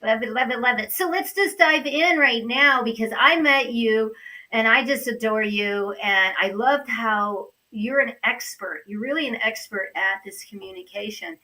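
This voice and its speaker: Gushing, animated talk show host woman. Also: fairly high pitch, moderate pace, far from the mic, poor audio. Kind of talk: upbeat talk show chat.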